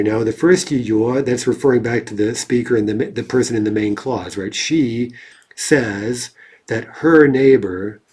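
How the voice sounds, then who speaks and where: Male language teacher, husky mid-pitched voice, relaxed explanatory delivery. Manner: conversational, reads examples slowly and checks in with "right?". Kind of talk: explaining grammar exercises.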